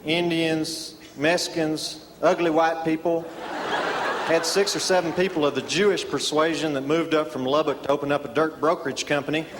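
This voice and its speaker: A man telling a folksy tall tale as stand-up comedy, deadpan, with many drawn-out "uh"s. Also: a little high, background noise. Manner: deadpan folksy storyteller with filler "uh"s. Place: live comedy stage before an audience. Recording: reverberant live hall, audience laughter.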